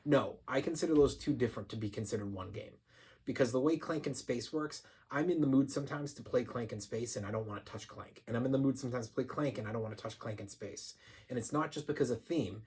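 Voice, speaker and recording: A man's voice: medium pitch, a little mellow, breathy edge. A man reviewing board games in a casual top-ten countdown, chatty and emphatic, often restarting his sentences.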